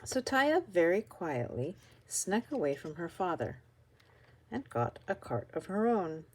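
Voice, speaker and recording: An older woman reading a children's picture book aloud with expressive, animated storytelling. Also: lowish voice, measured pace, slightly rough. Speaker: storybook reader.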